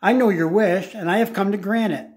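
A man reading aloud, voicing a huffy, bossy female fairy godmother in a brisk, indignant way. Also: sits high, close to an everyday voice.

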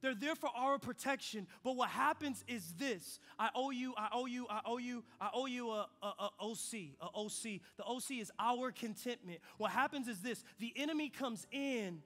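A young adult man preaching a sermon, telling a childhood story and swinging between quiet reflective stretches and loud excited ones. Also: very high voice, moderate pace, few pauses. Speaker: pastor.

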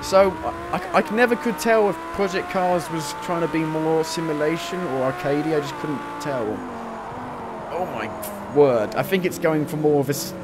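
A man of twenty giving casual, chatty commentary while playing a racing game demo, reacting with quick excited exclamations. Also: on the high side. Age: 20s. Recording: loud racing game engine noise under the voice. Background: racing car engines from the game.

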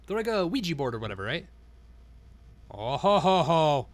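Wildly animated, profane male game streamer. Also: fairly high pitch, normal speed, no echo. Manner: excitable, swears constantly, talks to himself. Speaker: live streamer. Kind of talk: live-stream gameplay commentary.

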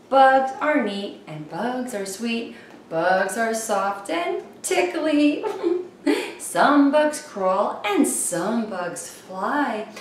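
A woman's voice: a little high, very animated, extremely slow, very echoey, distant mic, a little hiss or hum. A woman hosting a children's show, singing rhymes and chatting playfully with little whoops. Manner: playful, sing-song, exclaims little whoops. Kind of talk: singing and rhyming for young children.

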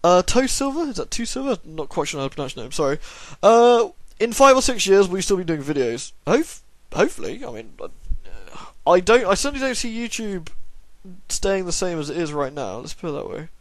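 A tired young man who runs a YouTube gaming channel reads out viewer questions and answers them casually, rambling along with dry, self-deprecating humour. He yawns now and then, and his high voice swings widely in pitch at a slightly quick pace. There is no room sound on the recording.

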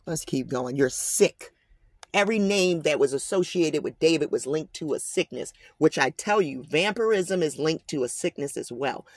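A man with a fairly high-pitched voice reads from the Bible and comments on it in a casual, emphatic manner, with no room sound. He often calls his listeners "guys" and slips in slangy asides.

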